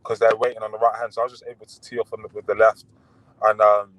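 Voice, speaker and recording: A man chatting as a boxer guest on a podcast, relaxed and full of fillers and restarts. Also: fairly low pitch, fast, poor audio. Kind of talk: casual podcast interview.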